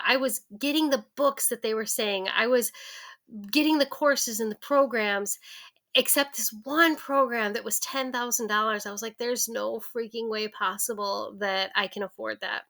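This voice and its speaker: A woman in her forties telling her personal money story to camera in a candid, lively way, acting out the voices of her family. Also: medium pitch. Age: 40s. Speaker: vlogger.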